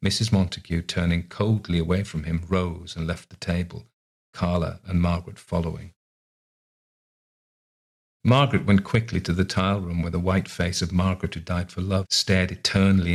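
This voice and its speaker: A man reading a short story aloud in a calm, measured narration. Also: deep voice, breathy edge. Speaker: reader. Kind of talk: scripted narration.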